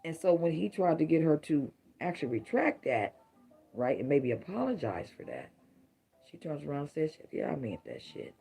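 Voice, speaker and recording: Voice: mid-range voice, sing-song, moderate pace, mellow, slightly rough, soft background music. Preachy middle-aged tarot reader. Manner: rhyming catchphrases, emphatic, preachy. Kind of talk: casual tarot reading to viewers.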